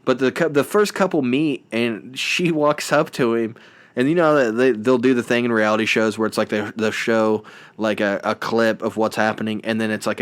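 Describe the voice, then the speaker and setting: A man's voice: on the low side, clear, resonant tone. A young man hosting a solo podcast, rambling and self-deprecating with lots of restarts and fillers. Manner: playful mimicking of reality show voices. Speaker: podcast host.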